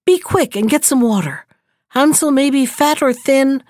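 A woman's voice: sits high, moderate pace, darkish tone, dry recording, clean studio sound, voice pushed up, lightly acted. A woman voicing a cruel old witch in a storybook reading, with a jeering, scolding manner.

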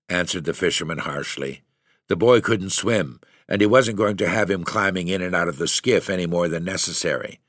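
Male narrator, very low voice, dry close sound, measured storybook reading. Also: a bit bright, dry recording. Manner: measured, lifting into character voices for dialogue. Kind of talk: reading a literary short story aloud.

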